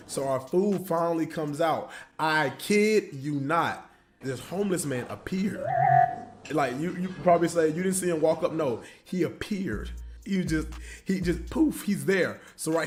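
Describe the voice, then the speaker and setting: A man casually telling a funny story on his livestream in an animated, slangy way with lots of asides. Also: on the high side.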